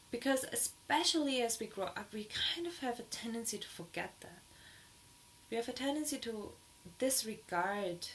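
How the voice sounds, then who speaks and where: A woman's voice: slight background noise, low-quality recording. Earnest woman giving a spiritual teaching. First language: not English. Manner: earnest, gets high and excited when moved. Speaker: dharma teacher.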